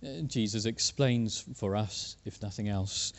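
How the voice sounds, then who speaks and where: A man preaching a sermon, talking to the congregation with rhetorical questions and frequent filler pauses. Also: lowish voice. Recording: long hall reverb.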